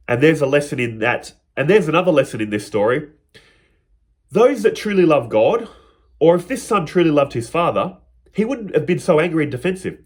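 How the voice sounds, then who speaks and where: A man's voice: on the high side, animated, a little fast, slightly rough. A man teaching on spirituality in a reflective, spoken style, retelling a parable and slipping into the characters' quoted lines.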